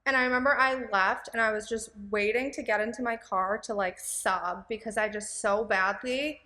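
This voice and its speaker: Rambling young woman, slightly high voice. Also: fairly even intonation, normal speed, pushed and bright, in a large hall. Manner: rambling, filler-heavy storytelling with many restarts; emotional and candid, close to tears. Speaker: podcast guest. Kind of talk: casual podcast chat.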